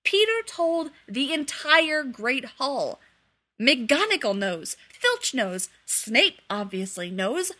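A brash teenage boy wizard, hopelessly smitten, as a woman reading a story puts him on. The voice is husky and sits fairly high. He blurts out loud, exasperated lines in a storybook reading. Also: moderate pace. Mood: shouting.

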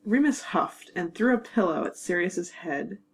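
Low-voiced woman narrating a fan audiobook. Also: animated, rough recording. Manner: measured, wry storytelling. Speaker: narrator and producer.

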